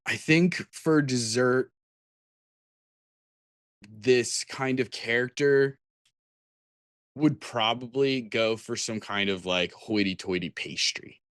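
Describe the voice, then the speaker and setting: A man's voice: mid-range voice, takes it slowly, pauses often, fairly bright tone, no echo, clean studio sound. A man co-hosting a podcast, chatting casually about tabletop games in a rambling way with many restarts. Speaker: podcast co-host.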